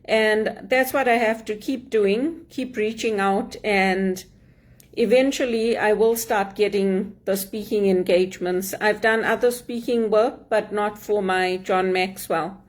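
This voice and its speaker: In a mid-range, steady voice, a middle-aged Zimbabwean woman delivers a motivational talk. She speaks earnestly and deliberately, with a Zimbabwean accent, in her role as speaker and mentor.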